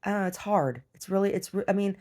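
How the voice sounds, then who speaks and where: A woman's voice: mid-range voice, fast, darkish tone. A woman venting bluntly and profanely in a casual video diary recorded at home. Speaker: video diarist. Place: rural property at home.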